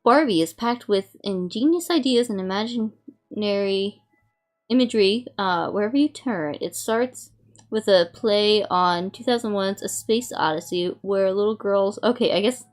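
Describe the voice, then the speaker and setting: A woman's voice: mid-range voice, a little slow. Rambling young woman streamer, lots of "like". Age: young adult. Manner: rambling, many "like" fillers, reads aloud from a review. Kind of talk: casual chat.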